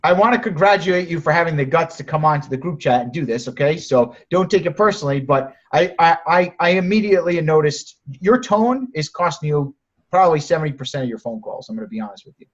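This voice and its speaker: A man's voice: fairly high pitch, expressive, fast talker. A man coaching sellers on a group call, direct and encouraging, often restarting his sentences. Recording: muffled lo-fi audio.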